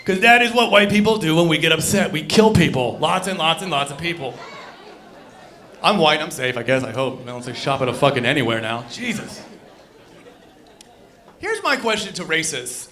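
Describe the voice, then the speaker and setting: High-voiced man doing stand-up. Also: moderate pace, long pauses, some chatter behind. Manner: animated, swings between loud bursts and low mutters. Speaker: stand-up comedian. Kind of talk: stand-up comedy set. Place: comedy club stage.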